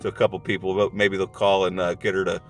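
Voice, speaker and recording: A man's voice: sits low, little pitch movement, fast, soft background music. A man hosting his own video, telling a story in a casual, heavily profane rant. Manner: swears heavily, acts out quotes. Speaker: video host and movie reviewer.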